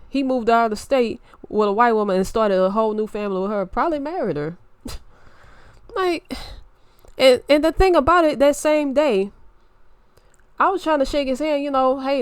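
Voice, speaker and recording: A woman with a Louisiana accent telling a story in an animated, indignant rant, muttering one moment and raising her voice the next. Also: high-pitched, clean tone, dry recording. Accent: Southern US, Louisiana. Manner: animated, indignant, swings between muttering and raised voice. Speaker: vlogger.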